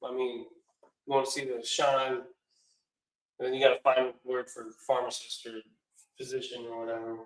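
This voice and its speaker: A man teaching a class in a casual way, calling out each word loudly for the students to repeat. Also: mid-range voice, monotone, moderate pace, pauses often. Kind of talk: classroom lesson, call and response. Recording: echoey room, far from the mic.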